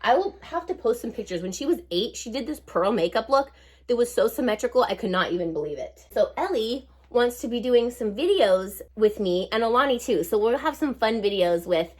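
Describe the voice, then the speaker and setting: A woman's voice: fairly high pitch, very animated, fairly quick. A woman in her forties chatting through a life update while putting on her makeup, bubbly and rambling with lots of asides. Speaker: beauty vlogger.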